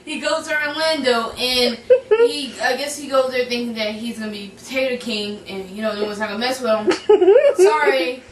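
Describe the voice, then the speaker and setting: A woman's voice: on the high side, moderate pace. A young woman giving a casual, rambling movie review, giggly and full of fillers and restarts. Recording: echoey room, voice from a distance, faint background noise.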